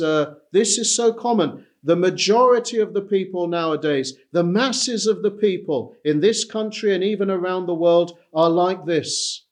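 Slow high-ish guy preaching, says everything twice for emphasis. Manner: emphatic, repeats key phrases. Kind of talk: sermon.

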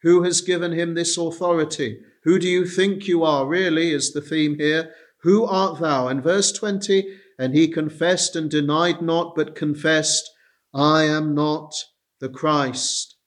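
A man preaching an expository sermon, slow and deliberate, pausing with frequent hesitations and reading scripture in old King James wording. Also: a little high, fairly even intonation.

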